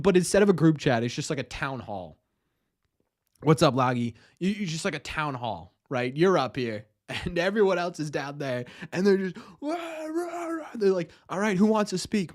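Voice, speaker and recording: Young male stream host, self-mocking and rambling, fairly high voice. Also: lively intonation, brisk. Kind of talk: casual live stream chat.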